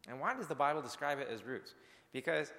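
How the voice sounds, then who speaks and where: A man's voice: a little high, lively intonation, fairly quick, a bit bright, big-room sound. A male pastor preaching a sermon in an earnest, conversational way, speaking directly to his congregation.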